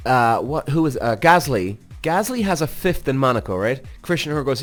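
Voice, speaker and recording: A mid-pitched man talks straight to his listeners, swearing and getting worked up as he reacts to a motorsport documentary. Faint music sits underneath his voice. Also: moderate pace, few pauses. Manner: animated, swears freely, talks straight to the audience as "guys". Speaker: podcast host, former racing driver. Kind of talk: casual reaction commentary.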